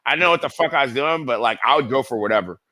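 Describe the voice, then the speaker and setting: Bright-voiced middle-aged man rambling casually. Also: medium pitch, fast talker, no echo. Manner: rambling, profane, heavy with fillers. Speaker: guest skateboarder. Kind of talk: casual storytelling interview.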